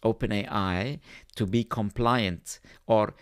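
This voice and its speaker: A man speaking as a podcast guest, explaining at length in a thoughtful way and pausing on fillers. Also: lowish voice, clean tone, no room sound, clean studio sound. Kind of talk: conversational explaining.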